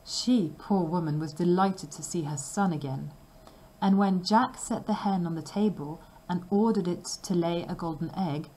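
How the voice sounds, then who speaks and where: A woman reading a fairy tale aloud slowly and carefully for language learners. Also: lowish voice, warm tone, slight background noise, low-quality recording. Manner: slow, careful and clearly paced. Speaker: storybook reader.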